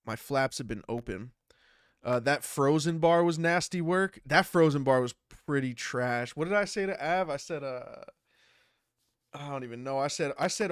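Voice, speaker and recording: A man's voice: medium pitch, moderate pace, clean tone, no echo, clean studio sound. A man in his thirties, stuffy from a cold, rambling casually on a livestream, swearing and laughing as he reads chat. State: congested from a cold. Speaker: streamer and battle rapper.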